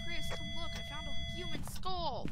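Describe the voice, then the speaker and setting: A woman playing a game with friends, excitable and laughing as she directs her teammates. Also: high voice, moderate pace. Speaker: game player. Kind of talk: casual gaming chat. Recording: noisy voice chat audio.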